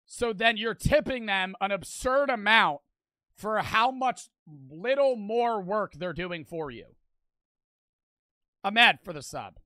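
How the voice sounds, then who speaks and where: Heated bright-voiced teen boy streamer. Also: high-pitched, expressive, unhurried, dry recording. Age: teens. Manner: heated, profane, full of "like" fillers. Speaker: streamer reacting to a video. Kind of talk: casual reaction commentary.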